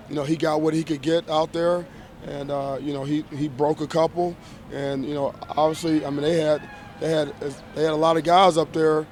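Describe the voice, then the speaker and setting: Football coach guy at a post-game presser outside, flat steady voice, keeps restarting his sentences, noisy. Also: a little high. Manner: measured, repeats and restarts phrases, emphatic. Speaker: college football head coach.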